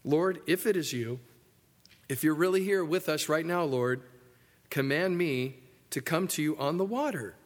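Preacher doing an earnest pleading disciple guy, fairly high voice, echoey hall. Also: measured pace, natural voice.

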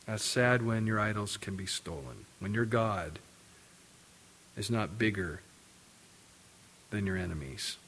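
A middle-aged male pastor preaching a sermon, telling a personal story with lively acted-out quotes before reading scripture. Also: lowish voice, unhurried, pauses often, a little hiss or hum. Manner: animated storytelling, acting out quotes.

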